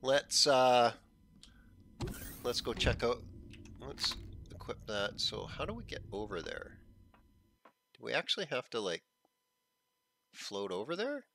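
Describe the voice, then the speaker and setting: A man hosting a gaming channel, chatting casually as he plays, thinking aloud and often clearing a frog in his throat. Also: medium pitch, very animated, slow, pauses often, a bit bright, slight background noise. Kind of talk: casual gameplay commentary.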